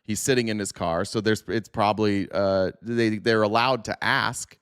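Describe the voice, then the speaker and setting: A man's voice: fairly low pitch, steady tone, normal speed, fairly bright tone, clean tone, no room sound. Blunt sarcastic man with a dry sound. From Arizona, USA. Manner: blunt, sarcastic, swears freely. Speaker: podcast host. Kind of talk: commentary on news clips.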